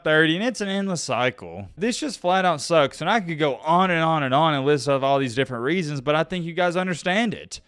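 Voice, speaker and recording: A man rants to camera in a casual, exasperated storytelling voice, his pitch swinging up and down as he gets worked up. The tone is smooth and clear, recorded close and dry with no room sound. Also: a bit bright, no echo. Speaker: sports commentary vlogger. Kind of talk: casual ranting commentary.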